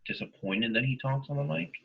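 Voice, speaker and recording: A man's voice: medium pitch, animated, brisk, gravelly, breathy edge, narrow, tinny audio. A man co-hosting a wrestling podcast, laid-back and rambling with lots of "um" and "you know". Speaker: podcast co-host. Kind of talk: casual wrestling podcast chat.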